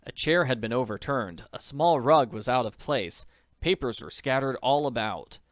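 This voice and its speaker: A man narrating an audiobook in a measured, steady reading voice. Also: mid-range voice, dry recording, clean studio sound.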